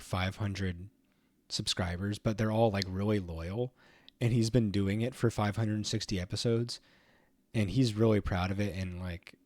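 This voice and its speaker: Rambling low-voiced male streamer. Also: no echo. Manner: rambling, filler-heavy storytelling, many likes. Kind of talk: casual chat while playing a game.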